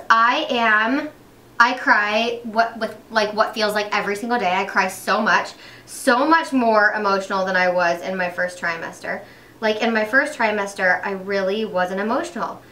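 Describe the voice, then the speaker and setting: A woman's voice: fairly high pitch, sharp tone, roomy sound, far from the mic. A young pregnant woman chatting casually while doing her makeup, upbeat, with lots of fillers and restarts. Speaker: beauty vlogger.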